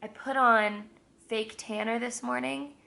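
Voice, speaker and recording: A woman's voice: on the high side, fairly even intonation, a little slow, vocal fry, bright, forceful tone, reverberant. A young woman vlogging while she cooks in her home kitchen, chatting candidly, giggling often and swearing freely. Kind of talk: casual chat.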